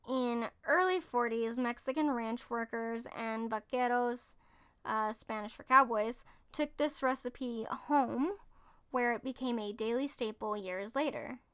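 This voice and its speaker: Smooth and a bit bright, this woman's slightly high voice carries a casual, screen-read segment on food facts. She hosts and comments, stumbling now and then and correcting herself.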